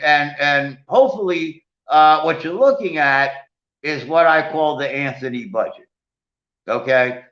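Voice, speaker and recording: A man giving a finance lecture from slides, often calling out to "ladies and gentlemen" and checking in with "right?". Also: on the high side. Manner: animated, keeps addressing "ladies and gentlemen" and asking "right?". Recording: echoey room, dull lo-fi sound.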